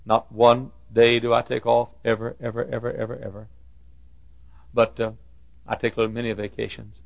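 Gravelly folksy preacher, lo-fi. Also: male voice, medium pitch, flat delivery, normal speed, no echo. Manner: humorous storytelling with self-deprecating asides. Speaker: preacher addressing church school staff. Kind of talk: folksy sermon talk. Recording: dull lo-fi recording.

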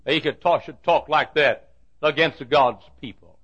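A man preaching a sermon, telling a Bible story with dramatic swings from loud declarations to hushed asides. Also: fairly high pitch, unhurried, slightly rough. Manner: acts out the Bible characters' lines.

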